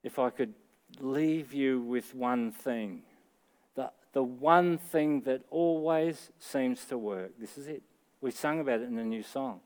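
A man's voice: mid-range voice, measured pace, a little mellow. A middle-aged man with an Australian accent, preaching a sermon in an earnest, conversational way that rises to emphatic peaks. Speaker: pastor.

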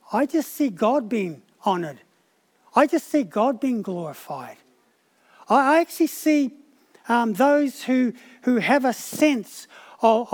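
A man's voice: very high voice, a little mellow. A man preaching a sermon, telling a personal story with frequent restarts and repeated words.

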